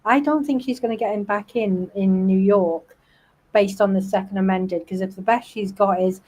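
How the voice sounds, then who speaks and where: A woman's voice: mid-range voice, moderate pace, a little mellow, rough recording. A British woman hosting a casual livestream panel chat, talkative and snarky, often breaking into laughter. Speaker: livestream host.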